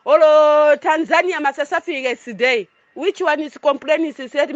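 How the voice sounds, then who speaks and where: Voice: high-pitched, fairly even intonation, normal speed, no room sound. A foreign resident giving an impassioned monologue in broken English, repeating points emphatically. The recording is dull and lo-fi.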